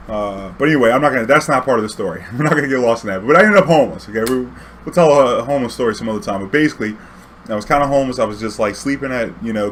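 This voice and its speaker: Rambling New cab driver storyteller. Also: male voice, medium pitch, a bit bright, a little hiss or hum. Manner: rambling, conversational, many restarts and "you know"s. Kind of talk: casual storytelling.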